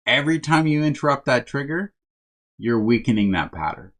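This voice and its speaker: Guy coaching thru a self-help talk, chatty, mid-pitch, keeps saying right? and my friends. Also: very animated, a little fast, fairly bright tone. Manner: conversational, keeps checking in with "right?"; addresses listeners as "my friends". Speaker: first responder wellness coach.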